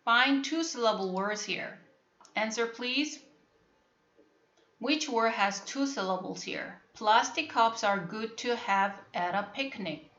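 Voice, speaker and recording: A woman leads an online phonics lesson in a bright, slightly high voice. She speaks slowly and patiently, asking the same question again and again to draw out answers. The call audio is echoey and muffled. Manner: slow, patient, repeats questions to prompt students. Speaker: English teacher.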